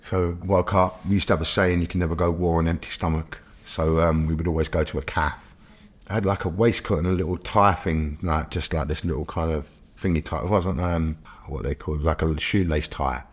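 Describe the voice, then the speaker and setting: Deep voiced british guy telling a story, chatty, lots of fillers. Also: fairly even intonation, moderate pace, slightly rough. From Britain. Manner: chatty, many fillers, checks in with the listener. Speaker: interview guest telling his own story. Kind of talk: casual storytelling.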